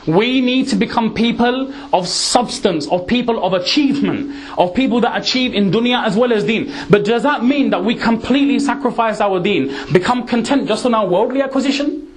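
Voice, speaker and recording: Guy giving a sermon, high voice, emphatic, earnest. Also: moderate pace. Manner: earnest, emphatic, mixes Urdu, Punjabi and Arabic words. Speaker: Islamic preacher.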